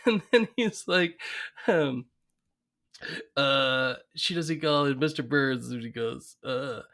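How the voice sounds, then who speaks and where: Gravelly animated podcast co-host. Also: male voice, mid-range voice, slow pace. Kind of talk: casual chat recapping an episode.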